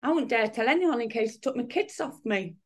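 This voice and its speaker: A woman's voice: fairly high pitch, expressive, fairly quick. A woman in her fifties, a guest in a casual interview, talking in rambling sentences full of restarts and fillers. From United Kingdom. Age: 50s.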